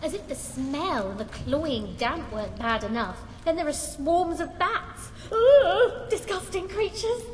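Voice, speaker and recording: A woman's voice: high voice, expressive, measured pace, few pauses. An actress playing a prim young woman companion in a video game, fussy and complaining about her filthy surroundings. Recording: echoey, distant game audio with noise.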